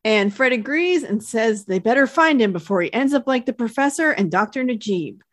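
A woman's voice: normal speed, no room sound. A woman casually recapping a cartoon episode for a podcast, telling the plot steadily with dry humor. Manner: steady storytelling recap, dry humor, lifts her pitch for quoted characters. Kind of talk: casual chat.

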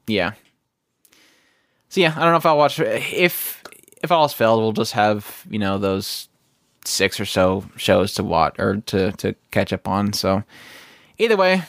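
A man's voice: on the low side, big pitch swings, takes it slowly, pauses often, fairly bright tone, no echo, studio quality. A man co-hosting a podcast, rambling in a casual chat with many fillers and restarts. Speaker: podcast co-host.

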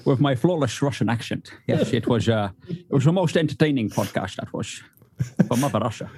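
A man's voice: mid-range voice, expressive, brisk, a little mellow, slightly rough, no room sound. A man guesting on a podcast, chatting with dry wit. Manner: dry wit, wildly swooping delivery. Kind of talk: casual podcast chat.

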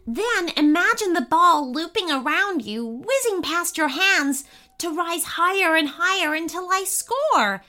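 Woman doing an eager young boy, high and bright. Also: unhurried, heavily acted. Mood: boastful. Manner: bright, nervous then excited.

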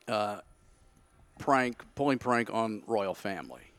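A man's voice: medium pitch, sing-song, moderate pace, dry recording. A man telling a story in casual chat, acting out his own past thoughts. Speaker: podcast guest.

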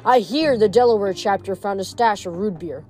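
A woman voicing a calm, wise old centaur leader. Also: mid-range voice, moderate pace, soft background music, lightly acted.

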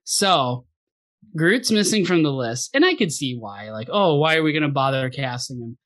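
A man's voice: a little high, animated, normal speed, a bit bright, no room sound. A man co-hosting a casual podcast, teasing and laughing often. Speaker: podcast co-host. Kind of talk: casual chat.

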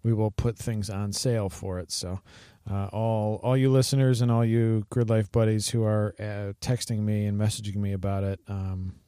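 A man's voice: lowish voice, flat delivery, normal speed, few pauses, dark tone, clear, resonant tone, no room sound, clean studio sound. A man co-hosting a podcast in casual chat, rambling through stories with many fillers and restarts and laughing often. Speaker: podcast co-host.

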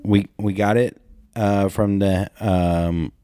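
A man's voice: on the low side, steady tone, takes it slowly, warm tone, clear, resonant tone. A man co-hosting a podcast, telling crude, joking stories in casual chat. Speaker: podcast co-host.

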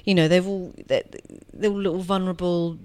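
Woman middle aged chatting on a podcast, lowish voice, lots of restarts. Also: steady tone, fairly quick, no room sound. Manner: chatty, warm, frequent restarts and self-corrections. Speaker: guest actress. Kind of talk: casual podcast interview.

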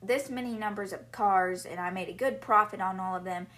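Woman doing a blustering car-dealer father, bragging and quick to accuse, told in a middle-pitched voice in a book recap. He barely pauses before calling someone a cheat. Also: a bit bright, lightly acted. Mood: boastful. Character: boastful bullying used-car dealer father.

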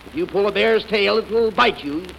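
A man's voice: sits high, brisk, creaky, a bit bright, muffled recording. Scolding straight man on old radio. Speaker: comedy straight man, co-host. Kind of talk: 1940s radio comedy. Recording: noisy old radio broadcast.

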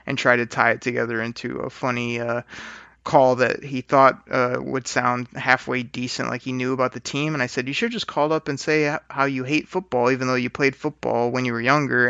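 Chatty, gravelly podcast host. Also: male voice, mid-range voice, pushed and bright, dry recording, muffled recording. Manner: chatty, laughing, rambling with fillers. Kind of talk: casual chat.

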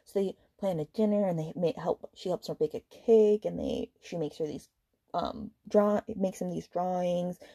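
A woman's voice: on the low side, dark tone, dry recording, studio quality. A woman hosting a book podcast, retelling a story in a casual, exasperated and sarcastic rant full of fillers and swearing. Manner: fast retelling with many fillers.

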